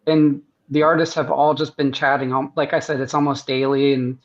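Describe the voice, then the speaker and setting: Speaking a little fast at a medium pitch with little rise or fall, this US-born surgeon and guest artist tells meandering stories on a podcast recorded over video call. He keeps starting over and chuckles at his own anecdotes, all through muffled, lo-fi sound.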